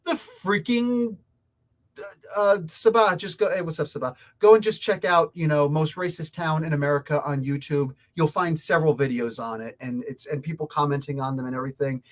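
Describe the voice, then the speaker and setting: A man's voice: fairly high pitch, fairly even intonation, moderate pace. A man hosting a comic book review channel, giving a heated, rambling opinion rant straight to his viewers.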